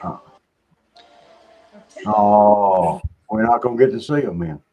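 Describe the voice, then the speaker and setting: A man's voice: lowish voice, takes it slowly, dark tone, lo-fi sound, faint music behind. A man hosting a casual chat show, joking in a folksy, drawling way. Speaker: show host.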